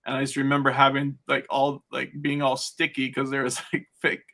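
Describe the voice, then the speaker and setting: A man's voice: medium pitch, completely flat delivery, fairly quick, sharp tone. A man guesting on a podcast, telling stories in a rambling, casual way and laughing often between phrases. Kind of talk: casual chat.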